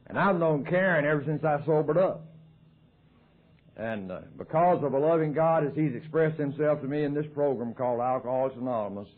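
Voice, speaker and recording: A man with a Southern American accent telling his recovery story at a meeting in a folksy, joking way. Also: medium pitch. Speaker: AA speaker. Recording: tinny lo-fi 1990s tape.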